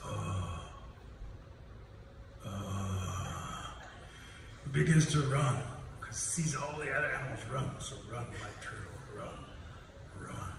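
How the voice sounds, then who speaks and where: A man telling stories to students in a lively way, chuckling at his own jokes and acting out the voices. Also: mid-range voice, slow, pauses often. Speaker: storyteller. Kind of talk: storytelling to students. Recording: echoey hall from far off, background noise.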